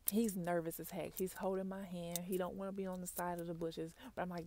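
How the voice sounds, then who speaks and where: A woman, telling a chatty, animated ASMR story in soft, half-whispered role-play, close to the mic. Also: on the low side, a little fast, hardly any pauses, background noise. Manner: chatty, animated storytelling, addresses viewers as y'all. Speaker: ASMR vlogger.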